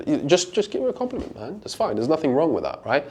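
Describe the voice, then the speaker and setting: Young guy coaching dating to a small group, swears a lot, jumps up in pitch when he acts out lines. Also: sing-song, fairly quick, few pauses. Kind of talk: seminar talk to a small group.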